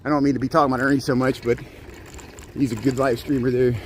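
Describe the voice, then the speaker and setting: A man's voice: medium pitch, flat delivery, fast, rough recording. Casual male streamer, winded from pedaling, greets his viewers, gusty outdoor mic. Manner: chatty, greets viewers by name. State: out of breath from cycling. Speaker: live streamer. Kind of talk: live-streamed city tour. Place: outdoors by a lakefront, riding a bike. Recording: outdoor wind noise on the mic. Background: wind noise.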